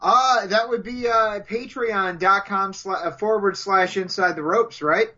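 A man with a high, bright voice co-hosts a joking podcast. He rambles and stammers, tripping over repeated words. The audio is dull and lo-fi. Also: measured pace. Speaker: podcast co-host. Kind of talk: comedic podcast banter.

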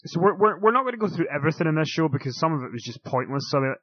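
Teasing podcast co-host, dry sound. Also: male voice, a little high, animated, rapid-fire, slightly rough, no room sound, highs cut off. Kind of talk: casual chat.

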